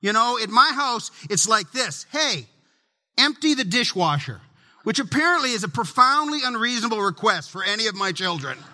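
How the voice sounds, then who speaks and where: A middle-aged male pastor preaches in a high, piercingly bright voice, joking and conversational as he acts out little scenes from home. His words ring out into the long echo of a large church sanctuary. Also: lively intonation, a little fast, hardly any pauses. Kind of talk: sermon.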